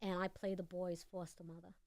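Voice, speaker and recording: A woman's voice: on the low side, flat delivery, brisk, a little mellow, no echo. A woman with a noticeable accent, a guest actress telling stories frankly and animatedly in a casual studio interview.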